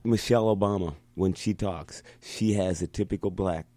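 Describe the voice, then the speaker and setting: An older man from Chicago chats as an interview guest, his voice sitting low. He tells stories with animation, dropping into voices, and the sound is close and dry. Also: moderate pace, dry recording. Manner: animated storyteller, slips into voices and laughs. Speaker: guest musician. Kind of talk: casual interview chat.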